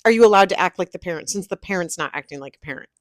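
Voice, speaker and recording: A woman's voice: on the low side, expressive, rapid-fire, no room sound, studio quality. A woman co-hosting a casual chat show who also works as a cashier, chiming in with quips. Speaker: podcast co-host.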